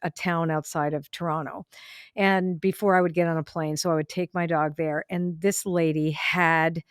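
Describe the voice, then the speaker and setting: A woman hosting a podcast, chatting casually and telling a lively story, acting out the voices of the people in it. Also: low-pitched, moderate pace, no echo, studio quality. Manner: animated storyteller, acts out quoted voices. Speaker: podcast host. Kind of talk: casual conversation.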